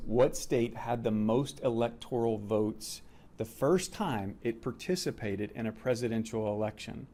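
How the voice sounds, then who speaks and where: A man with a mellow, darker voice runs a relaxed quiz. He reads each question deliberately and repeats it, so his guests can follow along. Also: mid-range voice. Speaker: quiz host. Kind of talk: casual quiz show chat.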